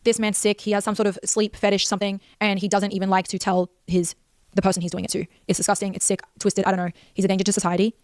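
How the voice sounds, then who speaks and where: A woman's voice: mid-range voice, little pitch movement, fast talker, a little mellow, dry recording. A young woman giving an intense, emotional personal account with heavy swearing. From Australia. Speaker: creator telling her story in a clip.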